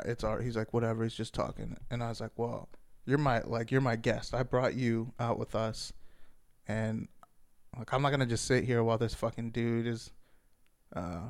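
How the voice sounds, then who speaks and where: A man tells a story in a loose, rambling way, with lots of swearing and laughter as he goes. His voice sits at an ordinary middle pitch. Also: darkish tone. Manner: profane, rambling, laughs through the telling. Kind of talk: casual storytelling.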